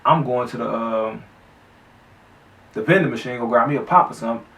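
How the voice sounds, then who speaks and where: Gravelly man telling a street story. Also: mid-range voice, fairly quick, a bit bright. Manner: loose, profane street storytelling with acted quotes. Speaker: vlogger telling his own story. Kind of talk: casual story time. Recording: echoey room, mic at a distance.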